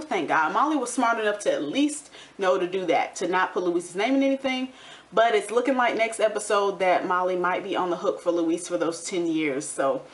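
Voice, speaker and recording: Sassy young woman with a lilt, gossipy recap host, medium pitch. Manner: chatty, sassy, gossipy with animated quoted asides. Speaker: recap vlogger. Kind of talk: casual TV recap commentary.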